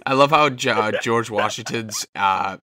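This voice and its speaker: Low bright-toned man joking casually. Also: moderate pace. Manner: laid-back, profane, chimes in with jokes. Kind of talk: casual chat.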